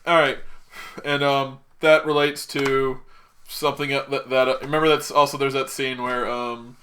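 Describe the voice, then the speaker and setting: A man recaps a movie in loose, rambling podcast chat, filling gaps with fillers and laughing at his own jokes. His voice is bright and forward at a middle pitch. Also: level tone, moderate pace. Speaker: podcast host.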